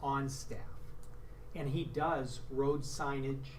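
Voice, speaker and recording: A man's voice: medium pitch, steady tone, slow. A man at a town board meeting, cautiously explaining practical concerns. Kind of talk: municipal board meeting discussion. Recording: distant mic, faint room hum.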